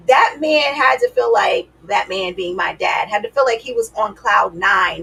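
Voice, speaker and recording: A woman's voice: medium pitch, animated, a little slow, creaky, fairly bright tone, husky, poor audio. A woman giving dating advice to her viewers in a sassy, emphatic, casual way. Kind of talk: casual advice talk to camera.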